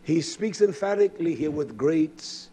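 A man preaching a fiery sermon with impassioned swings from shouting to hushed tones. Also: fairly high pitch, unhurried, slight background noise.

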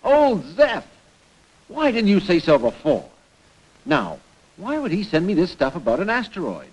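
An actor voicing a gruff, commanding male colonel who heads a space organization in a 1960s cartoon, giving brusque orders. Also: sits high, huge pitch swings, moderate pace, full character voice, rough recording.

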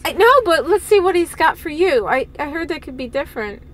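A woman with a very high voice chatting casually for her vlog. She gushes with excitement, exclaims freely and laughs often. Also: brisk, a little hiss or hum. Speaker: vlogger.

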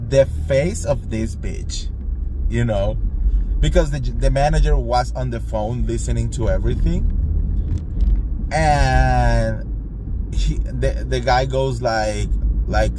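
A man tells a gossipy story in a casual vlog. His voice sits in a middle range, and he jumps higher when acting out quotes. Faint noise hums behind him. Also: measured pace, dark tone. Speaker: vlogger.

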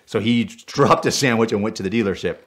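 A man from Puerto Rico telling a personal car story in an animated way. He gets worked up as he goes and often checks in with "right?". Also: fairly low pitch, a little fast. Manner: excitable, tags lines with "right?", gets worked up as he tells it. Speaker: stunt driver telling car stories.

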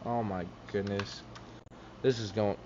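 A man live-streaming a game, excitable and out of breath, talking to his chat. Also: lowish voice, a little slow, dull audio, a little hiss or hum. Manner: animated, excitable, laughing often, talking to chat.

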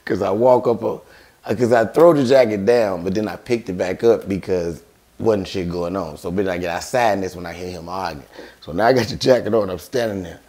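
Animated man telling a story. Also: sits low, fairly quick. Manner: animated, acts out quoted voices, swears freely. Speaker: podcast guest storyteller. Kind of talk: casual storytelling.

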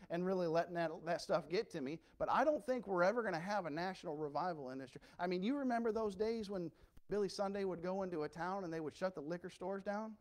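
A man preaches a sermon to his congregation. He swings from low, hushed lines to loud, ringing cries. His delivery is passionate and earnest. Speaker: pastor.

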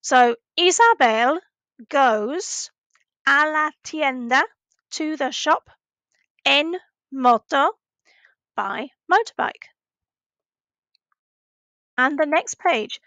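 A woman teaching a recorded language lesson to children, patiently asking questions and pausing for answers. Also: high voice, animated, a bit bright, dry recording. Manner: slow, patient, asks questions and pauses for answers.

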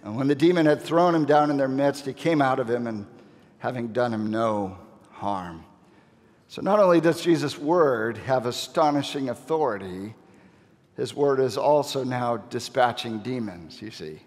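A male pastor preaching a sermon in a large church, emphatic, with dramatic pauses and repeated key phrases. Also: medium pitch, animated. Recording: long reverb of a church hall.

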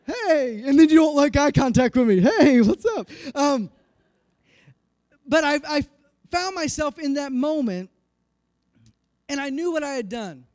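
A man in his forties preaches from the pulpit, with a voice that sits very high for a man. He tells a story from his own life in an animated way and pokes fun at himself. The sound is dry and close, with almost no room echo. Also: a little slow, long pauses. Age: 40s. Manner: animated, self-deprecating storytelling. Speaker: pastor. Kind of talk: sermon with personal story.

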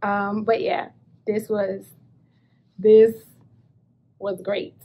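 A woman vlogging about thrift finds, chatty and animated, telling her story with excited bursts. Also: medium pitch, drawn-out words, highs cut off. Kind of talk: casual vlog, showing thrift finds.

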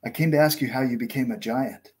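A man voicing a tiny, brave male creature who calls up in a high, earnest voice. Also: fairly quick, a little mellow, husky, close to an everyday voice. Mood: calling up. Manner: high, calling up and pleading.

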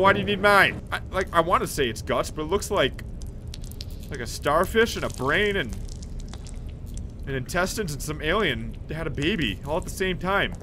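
High, excitable male gamer yelling. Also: fairly quick, background noise. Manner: excitable, yelling at enemies, joking. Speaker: gamer playing a horror game. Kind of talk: let's play commentary. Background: game music and sound effects.

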